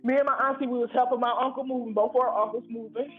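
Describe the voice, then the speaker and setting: Heated high-voiced man on a phone line. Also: steady tone, quick pace, faint music behind. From Ohio. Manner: heated, profane, rambling. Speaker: caller. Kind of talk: angry call-in rant. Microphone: phone call. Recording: tinny echoey phone line.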